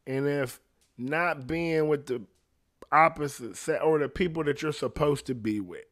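A young adult man talking in a casual, rambling and profane way, laughing often as he goes. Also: fairly high pitch. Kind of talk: casual chat.

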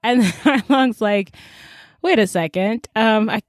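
A woman co-hosting a casual podcast, recapping a story with lively acted-out quotes. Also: on the high side, no room sound, studio quality. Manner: animated storytelling, acts out quotes in quick voices. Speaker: podcast co-host recapping a drama. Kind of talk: casual chat.

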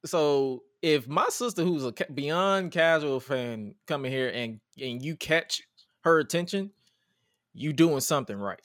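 A man with a fairly high voice co-hosts a casual wrestling podcast, talking in a lively, profane way and acting out the quotes he retells. The sound is dry and close to the mic. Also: unhurried, no room sound. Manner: animated, profane, acts out quotes. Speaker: podcast co-host.

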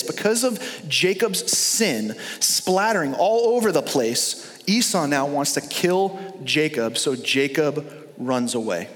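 A male pastor delivers his sermon in a fairly high voice, reading scripture and retelling the story with animated, emphatic repetition. His words carry a long reverb through the church sanctuary.

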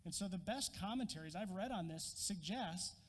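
A man preaching a sermon, an animated storyteller who acts out scenes with a prop. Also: high voice, normal speed, long reverb tail, a little hiss or hum. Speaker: pastor.

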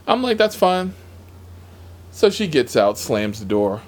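A man's voice: on the low side, sing-song, moderate pace. A man who drives for a rideshare service, telling stories from his shifts in a sassy, heavily profane, emphatic way. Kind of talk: casual storytelling vlog.

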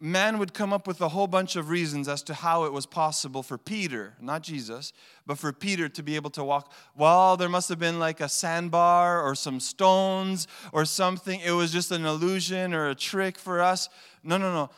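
A man's voice: fairly high pitch, moderate pace, smooth. A man preaching a sermon as a pastor, talking conversationally and acting out quoted voices with feeling. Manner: conversational preaching, animated quoting. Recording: long hall reverb.

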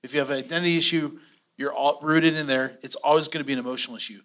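A middle-aged man teaching a church finance class, telling stories with animated, acted-out quotes. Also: medium pitch, rapid-fire. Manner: animated storytelling, acts out quotes.

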